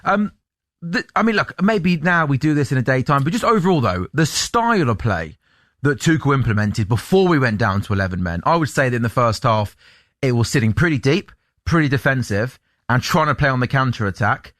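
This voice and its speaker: A man hosting a radio phone-in from a studio, brisk and chummy with callers. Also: mid-range voice, very animated, fairly bright tone, no echo.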